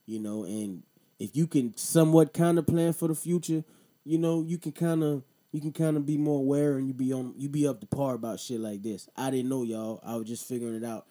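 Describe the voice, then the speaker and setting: Here a man in his thirties hosts a laid-back podcast, his mid-range voice quick and warm. He spins a crude, slangy tale and then turns the conversation to voting.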